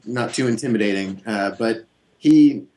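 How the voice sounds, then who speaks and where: A man being interviewed as a guest guitarist, talking in a relaxed, rambling way with many fillers and restarts. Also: fairly low pitch, moderate pace, a little hiss or hum. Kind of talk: casual interview chat.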